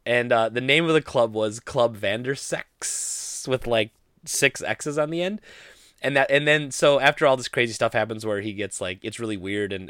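A young man vlogging, telling a story in a rambling, animated way full of "like" fillers. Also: medium pitch, clear, resonant tone, no room sound, studio quality. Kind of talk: casual storytelling to camera.

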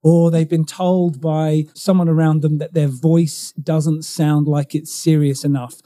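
Expressive man, dark tone. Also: fairly high pitch, a little slow, no echo, studio quality. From United Kingdom. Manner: expressive, explanatory, emphatic on key words. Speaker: guest, communication coach. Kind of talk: conversational interview.

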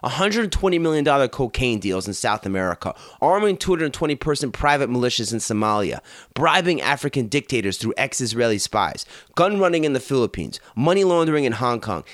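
A man's voice: medium pitch, dry recording, studio quality. A man narrating a true-crime story in a punchy, emphatic way.

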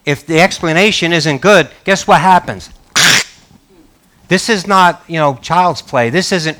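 Animated man preaching a sermon. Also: fairly high pitch, moderate pace. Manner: animated, conversational preaching with rising emphatic outbursts. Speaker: pastor.

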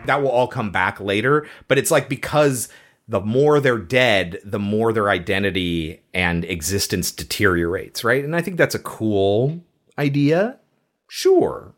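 A man hosting a casual podcast chat about a horror film, chatty and quick to laugh. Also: lowish voice, animated. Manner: conversational, quotes film lines, laughs easily. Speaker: podcast host.

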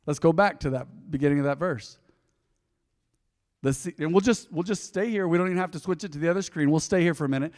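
Middle-aged male pastor, folksy sermon delivery with acted-out quotes, high voice, reverberant church hall. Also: expressive, fast. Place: church sanctuary.

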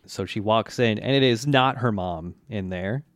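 A man's voice: lowish voice, moderate pace, dry recording. A man co-hosting a podcast, casually recapping an anime and meandering as he searches for words. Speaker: podcast co-host.

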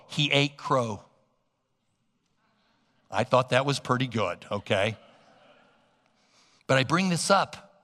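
A male pastor preaching a sermon, swinging from loud emphasis to soft, low asides. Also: vocal fry, big-room sound.

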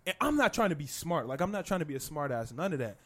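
High, lively young man telling a story. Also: quick pace. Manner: animated, profane retelling with frequent laughs. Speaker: storyteller among friends. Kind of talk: casual storytelling chat.

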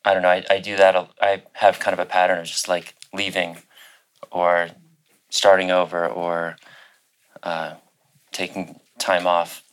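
A man's voice: sits low, flat delivery, measured pace, long pauses. A middle-aged man telling a personal story as a guest on a panel, hesitant, with many fillers and restarts.

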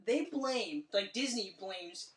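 A woman tears into a film's choices in loose, profane talk, keeping up a steady stream of opinions. Her voice sits at an ordinary middle pitch. It carries a roomy echo, picked up from some distance away from the mic. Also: takes it slowly. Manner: blunt, sweary, animated critique. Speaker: podcast co-host. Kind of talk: casual movie review chat.

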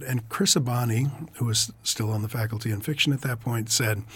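A man's voice: mid-range voice, normal speed, hardly any pauses, fairly bright tone, slightly rough. A man answering interview questions thoughtfully, with frequent fillers and restarts. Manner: hesitant, many fillers and restarts. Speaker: author and editor, interview guest.

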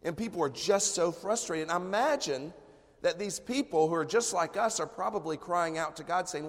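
A man preaching a sermon as pastor, telling a personal story in a relaxed, conversational way and often clearing his throat. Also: high-pitched, normal speed, big-room sound. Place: church sanctuary.

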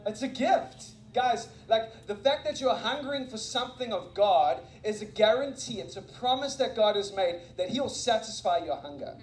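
A man with a notably high voice delivers an energetic sermon, mixing stories with jokes at his own expense. His words ring around a roomy, echoing church hall. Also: moderate pace, hardly any pauses. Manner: animated, self-mocking, laughs often. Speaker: guest preacher and missionary. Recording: echoey room.

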